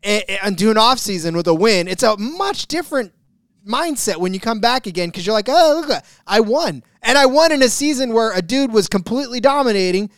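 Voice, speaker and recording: High, smooth-voiced man bantering about racing bets. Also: animated, a little fast, fairly bright tone, dry recording, clean studio sound. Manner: rambling, self-correcting, jokey. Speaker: podcast co-host. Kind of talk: casual sports betting chat.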